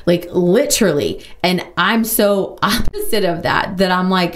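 A woman hosting a podcast, talking openly and casually about her own life, with lots of "like" and quick asides. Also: on the low side, a little hiss or hum. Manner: open, chatty, full of "like" and quick asides. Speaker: podcast host. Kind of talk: candid personal monologue.

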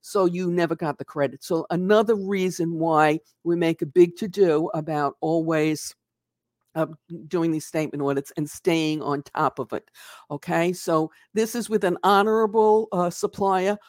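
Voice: medium pitch, normal speed, no echo, clean studio sound. A channel host giving an unscripted accounts payable lesson, talking emphatically and conversationally, often checking in with "okay?" and stressing points with a punchy "poof". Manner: dramatizes losses with "poof". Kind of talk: unscripted explanatory video lesson.

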